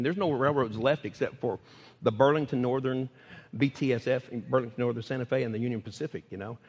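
An older man preaching a sermon in a church, speaking in animated bursts and repeating key phrases for emphasis. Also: medium pitch, breathy edge. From United States. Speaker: pastor. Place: church sanctuary. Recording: long church reverb.

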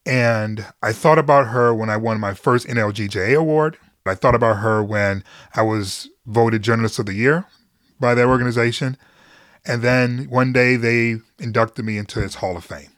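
A middle-aged man tells personal stories in a frank, earnest way, laughing easily and swearing casually. His voice sits at an ordinary pitch. The recording is dry and close, with no room echo. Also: normal speed, a bit bright. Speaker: guest, journalist and podcaster. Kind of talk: candid conversational storytelling.

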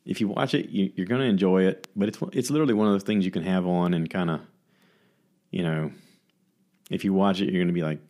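A man with a low, deep voice chats on his own to a camera mic. He rambles loosely, with plenty of fillers and restarts, like a casual vlog host reviewing films. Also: fairly even intonation, fast, a little mellow. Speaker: vlogger host. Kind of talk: casual solo talk reviewing movies.

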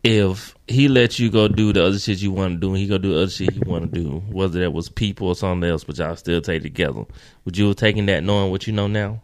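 A man's voice: low voice, fairly even intonation, fast. A man co-hosting a podcast, asking probing questions and giving blunt, crude opinions in casual chat. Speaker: podcast co-host.

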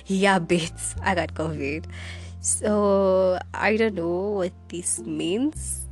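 A woman's voice: on the low side, drawn-out words, soft background music. A young woman hosting her own podcast, candidly telling a personal story in a casual way and laughing between lines. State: sick with fever, lost taste and smell. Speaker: podcast host.

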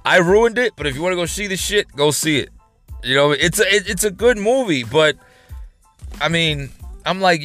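A man's voice: sits high, expressive, moderate pace, a bit bright, soft background music. A man recording a casual vlog from his parked car, telling a story in a loose, rambling way with frequent swearing and laughter. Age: adult. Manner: rambling, profane, laughing rant. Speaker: vlogger host. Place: parked car in a work parking lot.

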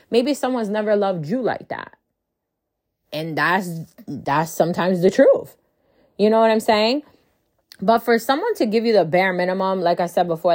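A woman's voice: lowish voice, a little mellow, dry recording. A woman in her thirties talking casually and bluntly, full of profanity and rhetorical "right?" questions, with a close dry sound. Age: 30s. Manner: rhetorical, keeps asking "right?". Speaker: host. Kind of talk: casual monologue.

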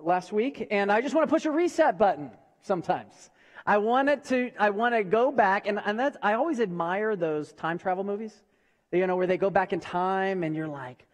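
High-voiced pastor in a reverberant hall. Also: male voice. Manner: chatty, halting, frequent restarts and repeated words. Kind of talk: conversational sermon. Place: church hall.

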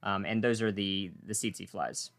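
A man's voice: fairly low pitch, a little slow. A man hosting a casual wildlife podcast, playful and joking as he talks. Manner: playful, joking, animated delivery. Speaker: podcast host.

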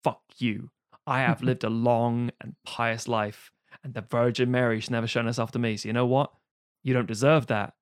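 A man's voice: mid-range voice, little pitch movement, normal speed, clean tone, no room sound, clean studio sound, voice pushed down, natural voice. A man voicing a bitter, jealous old nun who teaches, with a sneering tone. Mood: spiteful.

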